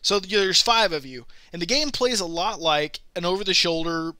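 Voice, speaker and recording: Bright-voiced young man telling a gaming story. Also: high-pitched, moderate pace, no room sound. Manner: rambling storyteller, animated quoted voices, laughs often. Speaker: podcast host. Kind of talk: casual gaming chat.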